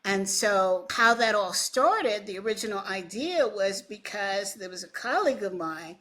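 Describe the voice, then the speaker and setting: A woman's voice: medium pitch, measured pace, slight background noise. A middle-aged woman in an interview, telling a story about founding a coaching association and acting out both sides of old conversations, with a dry, teasing sarcasm. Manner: animated storyteller who acts out both sides of past conversations.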